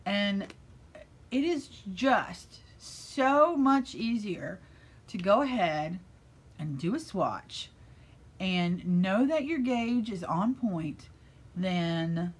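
A middle-aged American woman who owns a yarn shop, chatting casually and enthusiastically about knitting in her shop, gushing with breathy asides. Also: medium pitch, lively intonation, drawn-out words. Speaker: yarn shop owner and vlogger.

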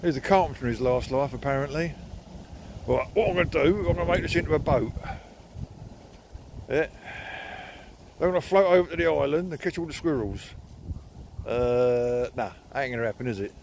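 A man's voice: medium pitch, moderate pace, long pauses, a little mellow, a little hiss or hum. A middle-aged man, filming on his phone as he walks his dogs outdoors and chats to them in a teasing, playful way. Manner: chatty, teasing, sing-song talk to pets. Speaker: dog owner filming a walk. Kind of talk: chatting to his dogs on a walk. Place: outdoors by water in the countryside. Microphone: phone held while walking.

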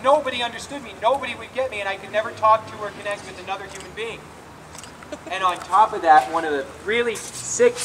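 A man's voice: high-pitched, a bit bright, slight background noise. A man giving an earnest, confessional personal testimony at an outdoor rally, often restarting his sentences. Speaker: speaker at a recovery rally. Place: outdoor rally in a public square. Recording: distant outdoor recording with faint ambience.

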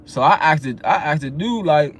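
A young man casually telling a story straight to his viewers, animated and full of slang, acting out his own replies as he goes. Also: a little high, normal speed, a little hiss or hum. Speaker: vlogger telling a personal story.

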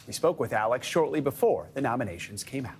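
A man presenting a news segment and interviewing a guest, with a lively, animated delivery. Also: medium pitch, fast talker.

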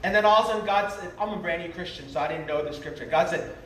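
A man with a high voice tells a revival testimony and acts out the people in his story. He sounds far from the mic, and his voice rings through a very echoey hall with faint room noise behind him. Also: quick pace, fairly bright tone. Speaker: revival preacher giving testimony. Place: large revival meeting hall.

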